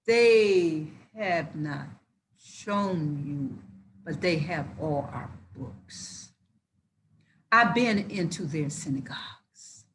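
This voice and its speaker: A woman reading scripture aloud and preaching on it with excitable energy that often rises into hollering. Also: low voice, extremely slow, slight background noise. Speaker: Bible teacher.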